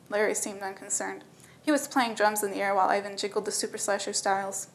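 A woman narrating a story in a steady, matter-of-fact reading voice. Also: mid-range voice, fast talker, rough recording.

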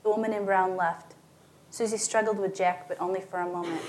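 A woman reading a short story aloud as narrator, shifting her pitch and volume for the dialogue. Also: fairly even intonation, fairly quick, a little mellow, a little hiss or hum.

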